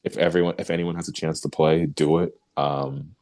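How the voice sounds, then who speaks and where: A young man, a baseball pitcher guest, telling stories in a casual interview and acting out the lines of the people he quotes. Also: normal speed. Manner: animated storyteller who acts out quoted remarks, laughs easily.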